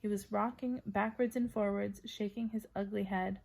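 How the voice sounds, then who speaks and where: Expressive woman reading a storybook. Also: mid-range voice, normal speed, gravelly. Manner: expressive, voices characters. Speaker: audiobook reader. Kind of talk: storybook narration.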